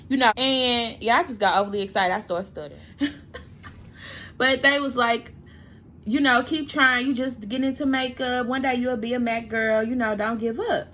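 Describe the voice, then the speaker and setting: A woman's voice: fairly high pitch, steady tone, normal speed, sharp tone, slight background noise. A young woman, chatting casually through a storytime while doing her makeup, emotional and at times close to tears. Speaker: makeup vlogger.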